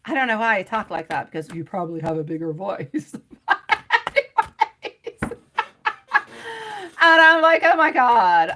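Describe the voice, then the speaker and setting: A woman's voice: mid-range voice, background noise. A woman reading tarot live for her viewers, rambling and chatty, laughing often and calling people by pet names like sweetie and my love. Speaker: tarot reader.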